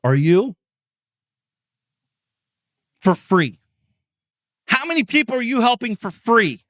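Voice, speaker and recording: A middle-aged man hosting a podcast, delivering an intense, profane motivational monologue, often yelling. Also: very high-pitched, sing-song, takes it slowly, no room sound, clean studio sound. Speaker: podcast host.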